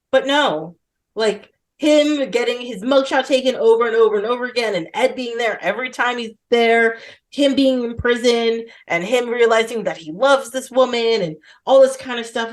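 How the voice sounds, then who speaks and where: A woman hosting a podcast, talking about films in a casual, rambling way and acting out lines in quotes. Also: a little high. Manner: enthusiastic, rambling, acts out quotes. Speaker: podcast host. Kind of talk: casual film chat.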